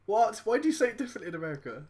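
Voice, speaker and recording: A woman's voice: medium pitch, big pitch swings, racing, a little mellow. A woman in her twenties co-hosting a podcast, dry and jokey, laughing often. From United Kingdom. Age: 20s. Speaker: podcast co-host. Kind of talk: casual chat.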